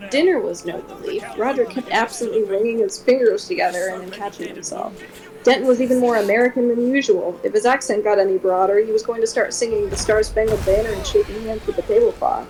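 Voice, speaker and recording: A woman streamer reading a gothic horror novel aloud in a steady first-person voice. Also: medium pitch, quick pace, low-quality recording.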